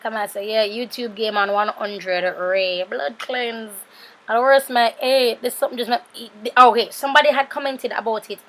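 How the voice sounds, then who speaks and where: A woman's voice: fairly high pitch, fairly even intonation, moderate pace, a bit bright. A woman in her thirties with a Jamaican accent, tired and sleepy, chatting casually through a makeup tutorial voice-over with rambling asides to her viewers. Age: 30s. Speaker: beauty vlogger.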